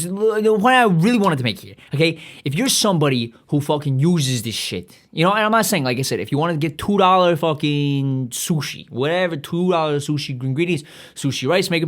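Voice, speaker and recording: A man hosting a podcast, ranting in a rambling, profane comedic monologue full of restarts. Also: on the high side. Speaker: podcast host.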